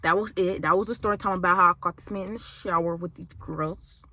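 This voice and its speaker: Bright-voiced young woman telling a story. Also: on the low side, fast. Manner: animated, exclamatory, speaks straight to viewers as "y'all"; repeats phrases for emphasis. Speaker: vlogger telling a college story. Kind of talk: storytime vlog.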